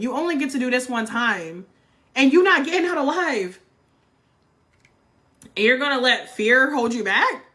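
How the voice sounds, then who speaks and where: A woman's voice: fairly high pitch, pushed and bright. A woman, giving a blunt, fired-up motivational livestream talk and swearing freely. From North Carolina, US. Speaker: livestream host.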